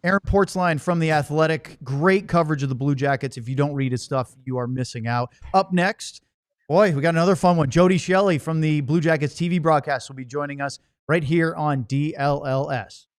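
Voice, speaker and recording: A man's voice: on the high side, fairly quick, no echo, clean studio sound. A man hosting a sports podcast, thanking a guest and leading the talk in a friendly, upbeat way. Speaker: podcast host. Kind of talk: casual podcast chat.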